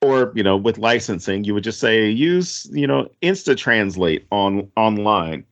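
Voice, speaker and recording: A man co-hosting a podcast, chatting casually about a movie, rambling and jokey with animated asides. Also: fairly low pitch, measured pace, dull audio. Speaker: podcast co-host.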